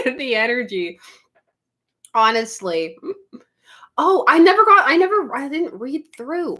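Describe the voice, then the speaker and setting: Lively giggly woman streamer. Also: fairly high pitch, takes it slowly, pauses often. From Canada. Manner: animated, giggly, chatty with viewers. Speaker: comics livestream host. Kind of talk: casual livestream chat.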